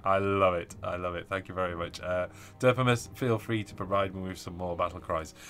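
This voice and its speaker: A man's voice: deep voice, steady tone, a little fast, fairly bright tone, a little hiss or hum. Chatty man reading out live chat. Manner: chatty, laughs often, reads viewer comments aloud. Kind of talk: casual live-stream chat.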